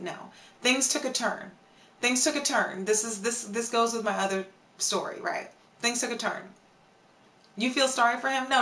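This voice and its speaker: A woman live streamer telling a story in casual chat and answering her viewers, animated, with casual swearing. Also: mid-range voice. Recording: roomy sound from a distance, faint background noise.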